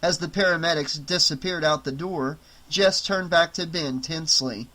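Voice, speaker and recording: A man narrating an audiobook in a steady, even storytelling voice. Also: a little high, normal speed.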